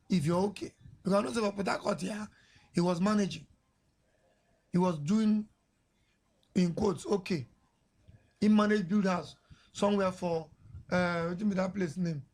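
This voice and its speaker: High-voiced Nigerian radio host. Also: male voice, normal speed, pauses often, darkish tone. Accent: Nigerian Pidgin. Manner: chatty, laughs through his story, mixes pidgin and English. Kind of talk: casual storytelling on air. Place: radio studio. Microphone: studio mic.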